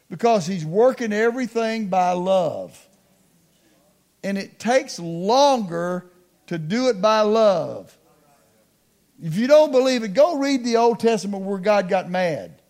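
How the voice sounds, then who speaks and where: A middle-aged man preaching a sermon, calling on the congregation to respond, slowing down to stress key words and dropping into quiet asides. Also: high-pitched. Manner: call-and-response preaching, slows for emphasis, drops to hushed asides.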